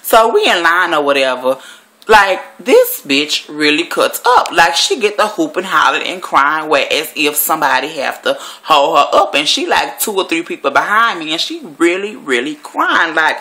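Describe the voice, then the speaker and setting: A woman's voice: sits low, big pitch swings, moderate pace, sharp tone. Blunt, profane woman vlogger. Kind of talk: casual storytelling monologue. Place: at home, sitting.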